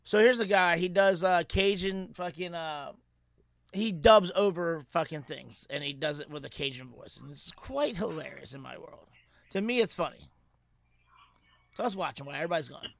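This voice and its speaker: High-voiced joking podcast host. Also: male voice, animated, normal speed, vocal fry, dry recording, studio quality. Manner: laughing, joking, loose and profane. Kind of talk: casual chat.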